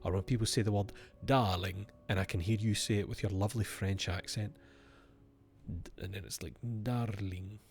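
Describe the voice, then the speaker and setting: A man's voice: deep voice, brisk. A man streaming a game, reading its letters aloud and breaking off for wry asides to himself.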